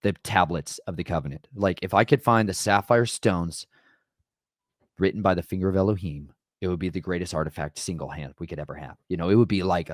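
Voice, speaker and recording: A man with a lowish voice retells scripture like a casual chat, dramatic and emphatic, tossing in "right?" every few lines. The sound is dry and close. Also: no room sound. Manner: conversational, keeps asking "right?". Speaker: podcast host. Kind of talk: casual Bible storytelling.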